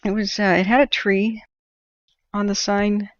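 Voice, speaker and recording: A woman's voice: medium pitch, flat delivery, unhurried, dull audio. A woman hosting a casual livestream, rambling and thinking aloud with lots of fillers as she talks at her computer. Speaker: livestream host.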